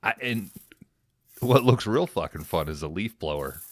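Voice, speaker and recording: A man's voice: low voice, expressive, moderate pace, dry recording. A man co-hosting a podcast, laid-back with crude jokes and casual chat. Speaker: podcast co-host. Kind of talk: casual banter.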